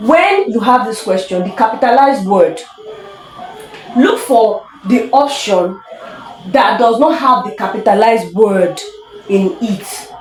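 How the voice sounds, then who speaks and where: A woman teaching English in a casual online lesson, chatty, laughing often and reading examples slowly for emphasis. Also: mid-range voice, animated. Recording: echoey room.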